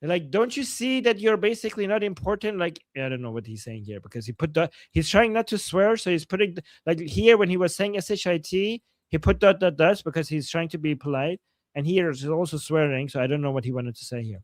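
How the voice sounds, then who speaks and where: High-voiced animated Iranian-born male host. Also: fairly quick, dry recording. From Iran. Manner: animated, emphatic, translating as he goes. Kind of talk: live commentary reading out online comments.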